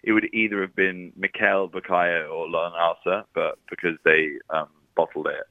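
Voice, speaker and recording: Brief: low male comic guest, self-mocking storyteller, dry phone-line sound. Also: little pitch movement, vocal fry, no echo. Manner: self-deprecating anecdotes, quick asides. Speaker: comedian guest. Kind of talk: casual chat.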